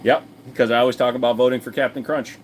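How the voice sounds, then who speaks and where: A man's voice: mid-range voice, steady tone, quick pace, a little hiss or hum. A man hosting a casual livestream, answering chat in a blunt, profane, rambling way with plenty of fillers. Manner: chatty, talks straight to viewers.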